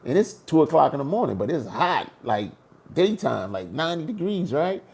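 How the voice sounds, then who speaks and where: Brief: man, gravel in the voice, slangy and animated, recounting a trip for his vlog. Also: on the high side, moderate pace, a little hiss or hum. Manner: animated, slangy, acts out his own reactions. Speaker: travel vlogger. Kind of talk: casual storytelling.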